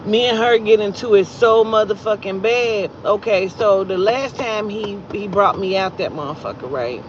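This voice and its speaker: A woman recounting a personal story in a loose, profane storytime style, her voice leaping high and loud when she gets exasperated. The audio is dull and lo-fi. Faint traffic hums in the background. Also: normal speed. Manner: profane, animated retelling with loud exasperated outbursts. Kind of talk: casual storytime vlog.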